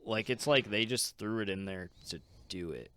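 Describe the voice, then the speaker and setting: Male podcast co-host, very low voice, easygoing and hesitant delivery. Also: moderate pace, a little hiss or hum. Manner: relaxed, hesitant, many fillers. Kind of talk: casual chat.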